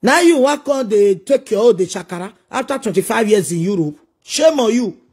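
A man's voice: high-pitched, animated, moderate pace, a little mellow, slightly rough. A man with a Nigerian accent delivering a preachy, scolding monologue full of repeated rhetorical questions. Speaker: social media commentator.

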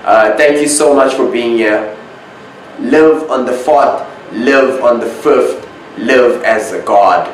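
Male spiritual host, unhurried monologue, emphatic repeats, boomy room with faint background hiss. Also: very echoey, poor audio. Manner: slow, drawn-out, repeats key words for emphasis.

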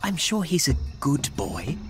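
A man voicing a wry nature-documentary narrator in a video game, speaking with a measured, dry delivery. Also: a little high, sing-song, over music.

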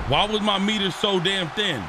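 This young streamer's voice sits high and moves at a moderate pace over music and game sounds. He chats casually about his gameplay, swearing at the screen and trash-talking as he plays.

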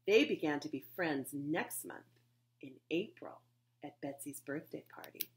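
A woman reading a children's chapter book aloud with expressive, lively storybook delivery. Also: deep voice, measured pace, a little hiss or hum. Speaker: reader, society board member.

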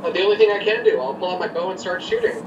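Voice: medium pitch, racing, dull audio, background noise. Hesitant player, far from the mic. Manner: hesitant, full of fillers, reads out rules. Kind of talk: casual tabletop game play. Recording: roomy distant mic with music behind.

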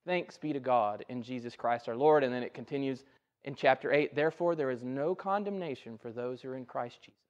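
In a church sanctuary, a male pastor delivers a sermon at medium pitch and a slightly fast pace, with lo-fi sound. He talks conversationally and keeps checking in with "right?".

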